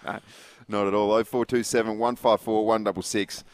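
A man's voice: on the low side, flat delivery, a little fast, no room sound. An Australian man co-hosting a sports radio show, chatting casually and laughing often. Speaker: radio co-host.

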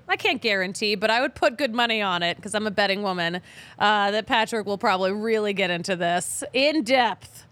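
A woman's voice: fairly high pitch, fairly bright tone, no echo. A woman from Philadelphia hosting a sports podcast, chatting casually and joking, with the odd swear word. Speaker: podcast host. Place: podcast studio.

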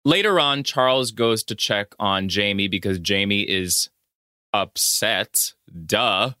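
A man's voice: on the low side, slow, sharp tone, dry recording, studio quality. A man co-hosting a podcast, recapping an old film in casual chat, swearing and acting out its lines. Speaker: podcast co-host.

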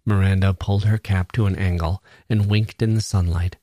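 A man reading a literary short novel aloud in a measured, even way. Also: deep voice, dry recording, studio quality. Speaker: audiobook reader. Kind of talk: literary story narration.

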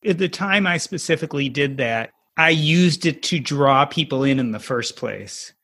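A man's voice: a little high, lively intonation, moderate pace, sharp tone. A man hosting a podcast panel, asking his guests conversational questions. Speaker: podcast host. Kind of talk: casual podcast interview.

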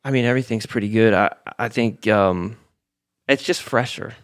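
A man co-hosting a casual podcast chat, laid-back and quick with his answers. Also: fairly low pitch, dry recording, clean studio sound.

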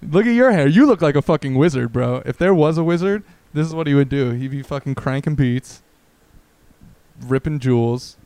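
A man's voice: fairly high pitch, moderate pace, no echo. Swearing, joking man in his thirties. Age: 30s. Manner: profane, rambling and jokey, with animated bursts. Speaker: podcast co-host. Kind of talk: casual chat.

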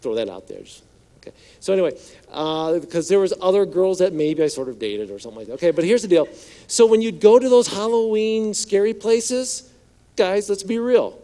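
Mellow-voiced man preaching conversationally. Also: high-pitched, expressive, fairly quick. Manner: conversational, playful asides, acts out quotes in hushed voice. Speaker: pastor. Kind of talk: sermon.

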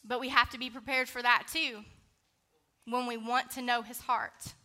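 A woman's voice: a little high, pushed and bright. A woman preaching a sermon, candid and conversational, mixing scripture with a personal story and casual fillers.

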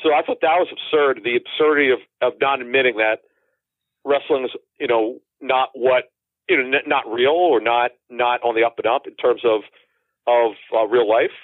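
A man's voice: medium pitch, fairly even intonation, moderate pace, dry recording. A man in his forties, a guest calling in, telling stories in a rambling way with lots of restarts. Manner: rambling, many restarts and asides. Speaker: guest, football insider. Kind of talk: casual storytelling interview. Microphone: phone call. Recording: tinny phone line, dry.

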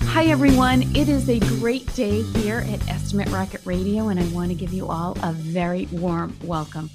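A woman's voice: mid-range voice, moderate pace, music in the background. A woman hosting a podcast, introducing guests in an upbeat, enthusiastic way. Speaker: podcast host.

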